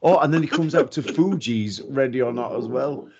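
A man's voice: medium pitch, normal speed, noisy background. A man, chatting casually as a podcast co-host, swearing freely and laughing a lot while telling stories. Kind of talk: casual chat. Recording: dull lo-fi audio.

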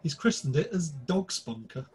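A man's voice: fairly high pitch, sing-song, normal speed, a little mellow, slightly rough. A British man co-hosting a comedy podcast, delivering crude, mock-formal pub banter in a theatrical manner. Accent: British English. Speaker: podcast co-host. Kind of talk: scripted comic pub banter.

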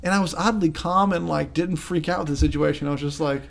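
A man's voice: a little high, fast, gravelly. A man co-hosting a podcast, telling crude, joking stories in casual chat. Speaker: podcast co-host.

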